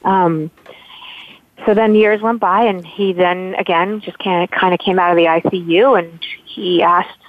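On a phone call that sounds tinny and dry, a woman from Southern California speaks in a low, steady, unhurried voice. As a guest in a casual interview, she tells her story with heartfelt rambling and frequent restarts.

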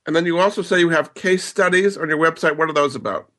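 Casting note: male host, quick-paced interviewer, slightly high, forceful bright tone. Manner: brisk, prompting questions. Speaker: radio show host. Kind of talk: interviewing a guest.

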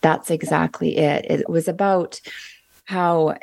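A woman hosting a podcast interview, supportive and reflective, with frequent quiet backchannels. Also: low voice, fairly even intonation, slow, gravelly, dry recording. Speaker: podcast host. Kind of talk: conversational interview.

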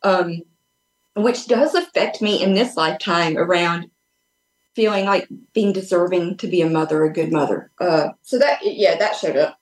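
With a lowish voice at a moderate pace, a woman guest on a podcast relates a personal story over a remote call. She's earnest and open yet casual, meandering through many fillers and restarts while her room gives off an echo.

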